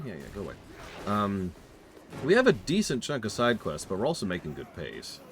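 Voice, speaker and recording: A man's voice: on the low side, wildly swooping pitch, brisk, a little hiss or hum. A man streaming a video game, chatting casually in a rambling, self-mocking way, with game music behind him. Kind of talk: casual livestream chat while gaming.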